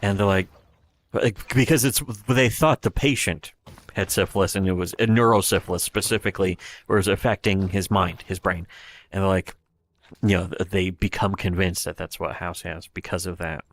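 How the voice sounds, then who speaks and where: A man's voice: low-pitched, fairly even intonation, moderate pace. A man giving rambling, profane livestream commentary, retelling scenes with quoted voices. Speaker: streamer.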